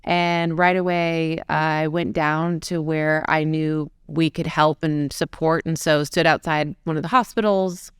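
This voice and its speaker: A woman's voice: deep voice, fairly even intonation, measured pace, few pauses, clean tone, dry recording, studio quality. A woman in her forties, a fashion designer being interviewed, telling her story in a candid, conversational way.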